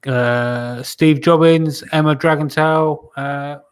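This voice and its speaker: A man hosting a podcast who closes the show in a relaxed way. He reads listener names from the chat, pausing on fillers as he goes, and his voice sits somewhat high for a man. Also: smooth. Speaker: podcast host. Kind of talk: casual podcast wrap-up.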